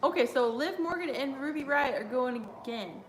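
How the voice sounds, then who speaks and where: A woman's voice: high-pitched, animated, moderate pace. A young woman hosting a casual live watch-along stream, chatty and giggly as she reads viewer chat aloud. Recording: roomy echo.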